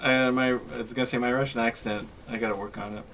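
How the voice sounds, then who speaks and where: A man's voice: mid-range voice, fairly even intonation, quick pace, fairly bright tone, a little hiss or hum. A young man chatting casually while streaming a game, rambling with lots of fillers. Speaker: gameplay streamer. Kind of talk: casual chat while gaming.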